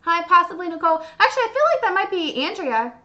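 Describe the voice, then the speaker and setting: A woman hosting a baking livestream, chatting casually and gushing with excitement. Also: very high voice, quick pace. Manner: bubbly, gushing, squealing with excitement. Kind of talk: casual live-stream chat while baking. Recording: dull lo-fi stream audio.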